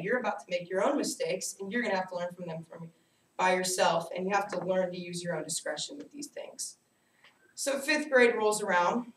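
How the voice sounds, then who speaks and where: A young adult woman giving a personal storytelling speech to a class, animated and self-mocking as she tells her stories. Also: medium pitch. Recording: echoey room, distant mic, faint hiss.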